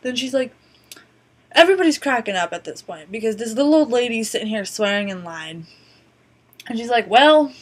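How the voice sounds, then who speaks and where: A woman vlogger telling stories casually to her laptop webcam, rambling with many "um"s and a wry, profane streak. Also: medium pitch. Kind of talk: casual storytelling to camera. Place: indoors at a borrowed laptop.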